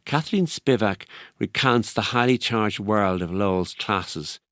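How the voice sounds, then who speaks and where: A man giving measured, scripted documentary narration. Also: fairly low pitch, fairly bright tone, no echo, studio quality.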